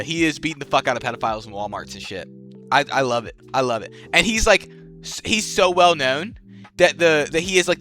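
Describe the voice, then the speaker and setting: Rambling young man with a bright voice. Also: medium pitch. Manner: rambling, slangy, swears freely, laughs at his own jokes. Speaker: channel host. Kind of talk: casual tier-list commentary.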